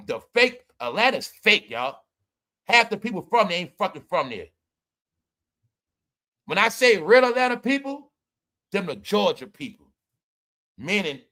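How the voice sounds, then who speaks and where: Man, ranting commentary, preachy and emphatic, bright tense voice, slightly high pitch. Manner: emphatic, preachy, addresses viewers as y'all, swings loud and soft. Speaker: commentary streamer.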